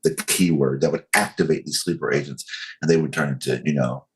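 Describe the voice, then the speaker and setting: A man's voice: very deep voice, fairly even intonation, fairly quick, low-quality recording. A man talking earnestly as a podcast guest, building his point with analogies and many fillers. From United States. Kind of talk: casual podcast conversation.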